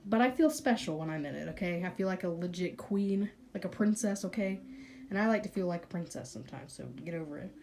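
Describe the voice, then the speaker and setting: A woman's voice: fairly low pitch, lively intonation, quick pace, a little mellow, a little hiss or hum. A young woman in her late teens giving a bubbly, sassy tour of her bedroom, her nose stuffed up so she breathes hard. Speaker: beauty vlogger. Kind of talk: casual room tour chat.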